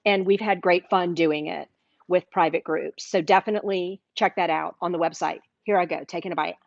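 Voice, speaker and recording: A woman's voice: fairly low pitch, steady tone, brisk, creaky, no room sound. Middle-aged Southern woman, cooking host, chatty and upbeat, dry dull livestream sound. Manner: chatty, enthusiastic, talks while eating. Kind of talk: live cooking demo chat.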